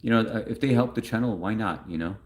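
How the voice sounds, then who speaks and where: A man's voice: on the low side, fast talker. A young man hosting a livestream in a casual, rambling way, reading chat messages aloud and answering them.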